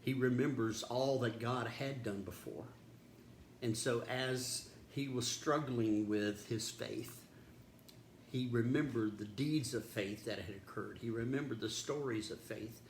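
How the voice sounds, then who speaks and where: A man's voice: mid-range voice, a little slow. A man serving as pastor, reading scripture and giving a reflective, earnest devotional talk. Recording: roomy echo with faint background noise.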